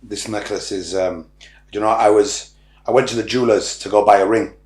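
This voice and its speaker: Middle-aged guy from ireland, lowish voice, blunt and sweary, echoey room. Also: fairly even intonation, fairly quick, a little mellow. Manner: blunt, swears freely, rambling. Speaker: podcast guest, social media influencer. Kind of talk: casual interview talk. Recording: roomy echo.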